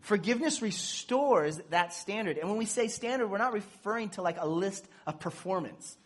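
In a relaxed sermon, a parent with kids talks at a moderate pace, voice at medium pitch. The delivery is lively, with quoted lines performed aloud and plenty of jokes and laughter mixed into the teaching.

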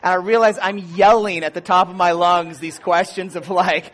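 High-voiced, chatty man preaching casually. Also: moderate pace. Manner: chatty and animated, many fillers, acts out voices in a high shout. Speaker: pastor. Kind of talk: casual sermon with personal story.

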